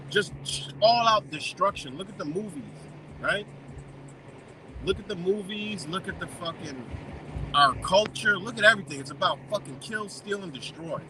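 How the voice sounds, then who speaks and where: A man's voice: high-pitched, noisy background. A man ranting heatedly and with a lot of profanity on an outdoor live stream by a wintry lake.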